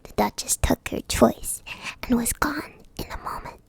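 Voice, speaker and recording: A woman streamer softly whispering a bedtime story as a whispered role-play into a close mic. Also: a little high, measured pace, gravelly, breathy edge. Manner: soft unvoiced whispering.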